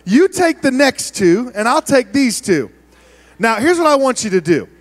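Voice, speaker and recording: A man preaching as a youth pastor, playfully wrangling a big room of students and often shouting. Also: very high-pitched, sing-song, moderate pace. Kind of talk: youth ministry sermon.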